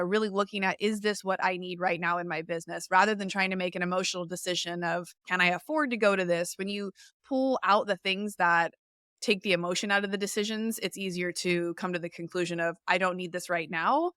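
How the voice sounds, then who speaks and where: A woman's voice: on the low side, a bit bright, no room sound, studio quality. A woman hosting a podcast, talking in a thoughtful, reflective way as she steers the conversation. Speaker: podcast host. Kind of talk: casual podcast interview.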